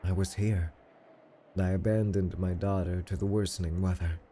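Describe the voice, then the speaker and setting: A man streaming himself reading a visual novel aloud in a steady, low-key narrating voice. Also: normal speed, a little hiss or hum.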